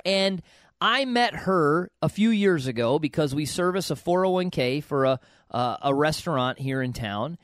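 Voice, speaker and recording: Guy on a podcast giving career advice, lively voice, kinda high, dry sound. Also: normal speed, no room sound. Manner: animated, emphatic, repeats words. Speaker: podcast host, financial advisor. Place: US, Kentucky.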